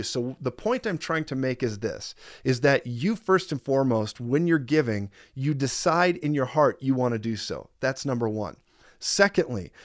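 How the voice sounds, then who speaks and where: An emphatic male preacher delivering a teaching sermon at a middle pitch. He leans on repetition to drive his points home. The sound is dry and close, with no room echo. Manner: earnest, emphatic, repeats key phrases.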